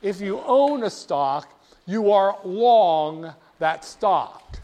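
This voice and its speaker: A man with a high, mellow voice and lively intonation lectures a class extremely slowly. He's emphatic, stressing key words, drilling terms, and having students repeat phrases back to him.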